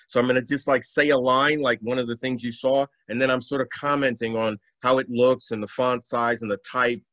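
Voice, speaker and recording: A man's voice: mid-range voice, fairly even intonation, a little fast, hardly any pauses, fairly bright tone, dry recording. A man, a poet, giving a virtual poetry reading. He speaks in chatty asides full of fillers, then recites in a rhythmic, emphatic way. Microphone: video call. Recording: dull lo-fi video call audio.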